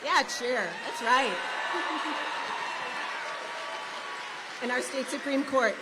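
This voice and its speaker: A woman's voice: sits high, long reverb tail, background noise. A woman organizer giving an upbeat, exhorting rally speech and introducing speakers. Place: large hall at a rally.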